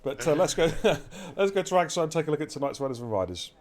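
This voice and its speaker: A man's voice: on the high side, big pitch swings, quick pace, noisy background. A man hosting live esports race commentary, chatty and jokey, talking to the stream chat.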